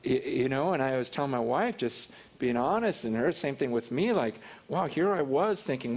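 A man's voice: mid-range voice, big pitch swings, a little fast, few pauses, darkish tone. A man preaching in an earnest way, telling a personal story and acting out what others said. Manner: earnest, personal storytelling that acts out quoted speech. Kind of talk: sermon storytelling.

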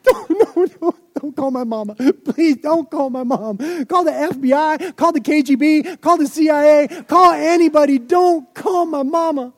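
A man's voice: normal speed, few pauses, no echo, studio quality. A man voicing a panicky teenage boy who goes from brash to desperate pleading. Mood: panicked pleading. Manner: frantic, high-pitched pleading.

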